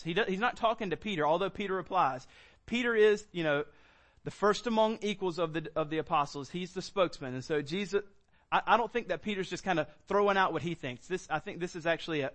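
A man delivers a sermon, talking through scripture verse by verse. His voice sits a touch high, and he mixes relaxed asides with emphatic, stressed declarations. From Southern United States. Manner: earnest teaching, emphatic, conversational asides. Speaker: pastor.

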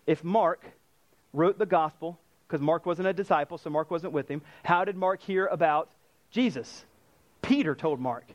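A man preaching a sermon in an animated way, acting out the quoted lines of the story. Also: on the high side, no echo, dull audio. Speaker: pastor.

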